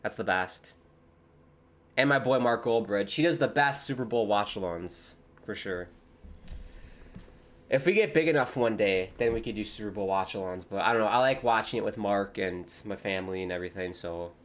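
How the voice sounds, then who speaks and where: A young man from the United States hosting a live football watchalong, chatting casually and joking, with sudden excited shouts. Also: fairly low pitch, moderate pace. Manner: rambling, jokey, breaks into excited shouts. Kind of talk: casual live commentary and chat.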